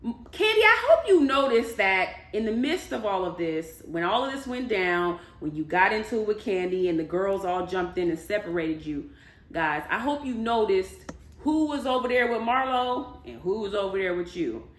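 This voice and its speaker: A woman recapping a reality show in a casual, animated, chatty way, with emphatic storytelling. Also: mid-range voice, normal speed. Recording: echoey room.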